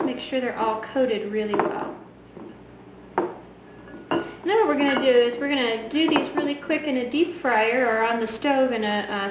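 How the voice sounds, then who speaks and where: A woman giving a chatty, enthusiastic cooking demonstration in a home kitchen. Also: fairly high pitch. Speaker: home cook. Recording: echoey kitchen, voice from far off, loud frying noise.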